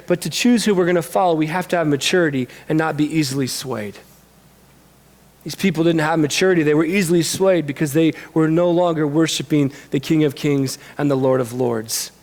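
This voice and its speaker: A man with a notably high voice delivers a sermon in a church. He talks earnestly and candidly, mixing scripture reading with frank talk about his own hard week. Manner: earnest, candid, speaks openly of personal struggle. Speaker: pastor. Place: church sanctuary.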